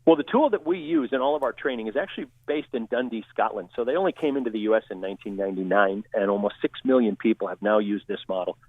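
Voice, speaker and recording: A man's voice: lowish voice, fast, hardly any pauses, dry recording. Male trainer on a tinny phone line. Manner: steady, explanatory teaching tone. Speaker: guest communication trainer. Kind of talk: interview answers.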